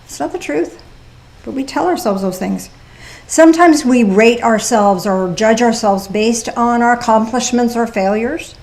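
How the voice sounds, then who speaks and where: Woman preaching a chatty sermon. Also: on the high side. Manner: conversational, with playful asides and rhetorical questions. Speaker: pastor. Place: church service.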